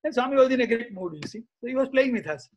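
A man's voice: very high voice, animated, fast, lo-fi sound. A middle-aged man, an interview guest, recounting anecdotes in a chatty, reminiscing way, full of "you see" and "uh". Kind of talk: anecdotal storytelling in conversation.

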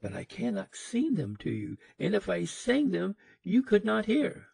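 Man doing a mournful dream spirit, high, pleading, gravelly edge, slow. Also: huge pitch swings, darkish tone, no room sound, full character voice. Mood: sorrowful pleading. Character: fading sorrowful dream spirit, gentle.

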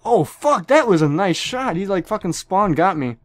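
A man's voice: sits high, big pitch swings, moderate pace, no echo. Young male gamer, casual profane commentary, tenor-ish, dry studio-close sound. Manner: profane, joking, sudden yelps. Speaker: gameplay commentator.

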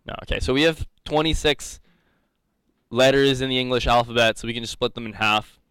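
A man's voice: mid-range voice, a little fast, a bit bright, smooth, no echo. A young man teaching a live coding lecture, rambling and joking, laughing often. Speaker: coding instructor.

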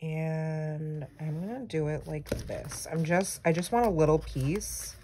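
A woman's voice: low-pitched, a little slow, mellow, a little hiss or hum. A young woman chatting casually and rambling with self-teasing asides while she decorates a planner. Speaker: planner vlogger. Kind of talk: casual chat while crafting.

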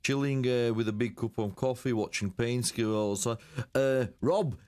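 A man's voice: mid-range voice, normal speed, a little mellow. A man, chatting casually with viewers while streaming a shooter game, exclaiming and laughing. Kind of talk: casual live-stream gaming chat.

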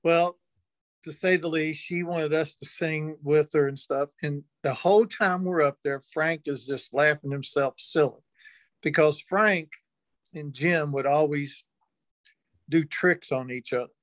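A man's voice: fairly high pitch, unhurried, fairly bright tone, dry recording. An older man, an interview guest, telling a long folksy anecdote and chuckling now and then. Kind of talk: storytelling in an interview.

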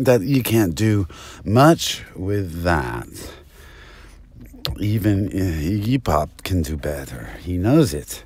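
A man's voice: lowish voice, big pitch swings, slow pace, darkish tone, breathy edge, no room sound. A man delivering a rambling improvised comic monologue, jumping between topics and cutting himself off. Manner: rambling, jumps between topics, self-interrupting. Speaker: comedic monologuist.

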